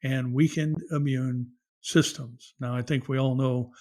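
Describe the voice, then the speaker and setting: A man's voice: medium pitch, fairly even intonation, a little slow, darkish tone. Man in a news commentary monologue. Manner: reads news articles aloud with asides and fillers. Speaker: pastor and show host.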